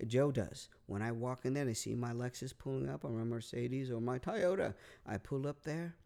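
A man's voice: mid-range voice, normal speed, vocal fry, warm tone. A man telling a long story in casual podcast chat, rambling, repeating words, swearing and using lots of fillers. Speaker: podcast guest.

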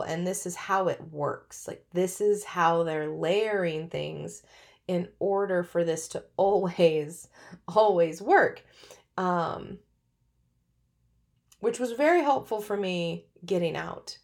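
A middle-aged woman hosts a podcast, telling her own story in a candid, chatty monologue and often laughing mid-sentence. Her voice is lowish, gravelly, and darkish in tone.

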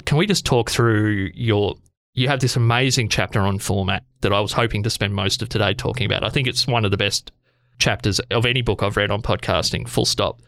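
Australian male podcast host, gravelly low voice, eager interviewer. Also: a little fast, a bit bright, no echo, studio quality. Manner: enthusiastic, complimentary, chatty. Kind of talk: interview conversation.

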